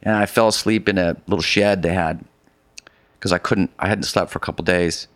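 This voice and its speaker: Deep-voiced man telling a rambling story. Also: fairly quick, no echo. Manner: animated, rambling with many restarts. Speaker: guest, polar expedition adventurer. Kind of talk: casual storytelling conversation.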